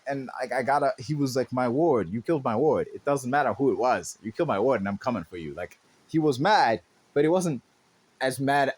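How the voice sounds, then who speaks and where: A man's voice: fairly high pitch, a little mellow. A man hosting a podcast alone, talking casually and rambling with lots of fillers. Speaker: podcast host. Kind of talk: casual solo podcast commentary.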